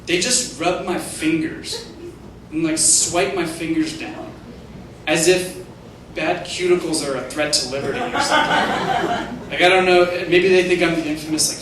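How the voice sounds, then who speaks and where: A young man performing a stand-up comedy set, with a halting, self-deprecating delivery full of "like"s. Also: a little high. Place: comedy theater stage. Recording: echoey distant room recording with noise.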